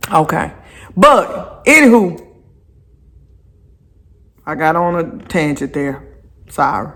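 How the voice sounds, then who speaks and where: A voice at a mid pitch, talking at an unhurried, drawn-out pace. The speaker chats to viewers while walking outdoors, circling back and repeating phrases for emphasis. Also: sing-song, a bit bright. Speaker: vlogger. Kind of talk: casual walking vlog talk. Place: outdoors on a walk.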